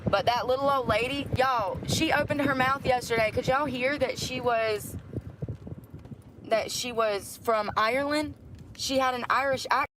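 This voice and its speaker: Brief: gossipy woman vlogger, slightly high voice, traffic passing behind. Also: unhurried. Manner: rambling, gossipy, folksy. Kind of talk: casual chatty vlog. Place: outdoors by a store lot. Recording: outdoor traffic noise.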